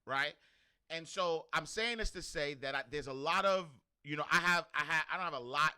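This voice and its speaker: A man's voice: a little high, sharp tone, clear, resonant tone. A man hosting a daily show, talking casually with many fillers, restarts and frequent "right?" checks. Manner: asks "right?" often. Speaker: host. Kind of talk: casual commentary.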